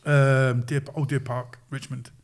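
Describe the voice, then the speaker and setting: A man guest on a podcast, telling stories in an animated, casual way and acting out quoted voices. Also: mid-range voice, measured pace. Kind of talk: casual storytelling.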